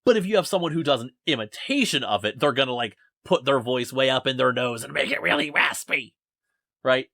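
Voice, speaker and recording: A man's voice: mid-range voice, fast talker, hardly any pauses, fairly bright tone, no room sound, studio quality. A young man hosting a casual podcast from his basement, rambling and self-deprecating as he talks. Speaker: podcast host. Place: home basement.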